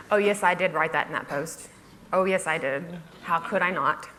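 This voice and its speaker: A woman's voice: sits low, heavy background noise. A woman blogger telling a humorous story on stage. She speaks with wry, self-mocking comic timing, laughs through her own asides and mimics other people's voices. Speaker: blogger giving a talk.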